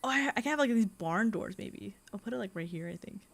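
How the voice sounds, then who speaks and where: A fast-talking young adult woman with a medium-pitched, expressive voice and vocal fry streams a game as a VTuber. Her live-stream chat is casual, and she laughs frequently while reading viewers' messages.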